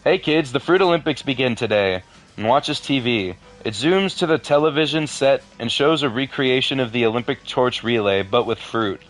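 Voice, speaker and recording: A man casually reading a horror story aloud for his video, breaking off for deadpan asides and the odd curse. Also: mid-range voice, moderate pace. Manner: deadpan asides, swears in frustration.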